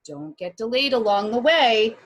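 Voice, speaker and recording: A woman's voice: fairly high pitch, lively intonation, normal speed, rough recording. A woman voicing a mother giving firm, cautioning instructions in a children's story read aloud.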